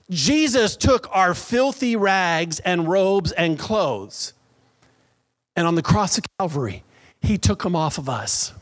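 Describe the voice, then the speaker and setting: High-voiced man preaching a sermon. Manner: energetic preaching with call-and-response to the congregation. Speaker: pastor.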